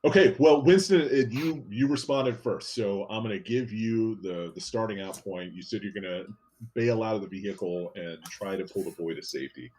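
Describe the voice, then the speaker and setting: Low-voiced man running a tabletop game. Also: normal speed, breathy edge. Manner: relaxed, explanatory, with frequent fillers. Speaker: game master. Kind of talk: narrating and explaining a tabletop game.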